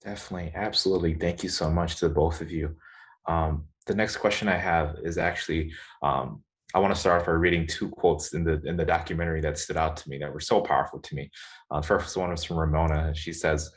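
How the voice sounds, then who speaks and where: A man's voice: very deep voice, steady tone, fast talker. A man moderating a panel, asking questions politely and with enthusiasm.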